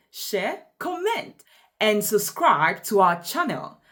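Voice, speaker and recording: Slow, lively-voiced woman teaching pronunciation. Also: lowish voice. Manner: deliberate, emphatic example sentences. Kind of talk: slow explanatory lesson.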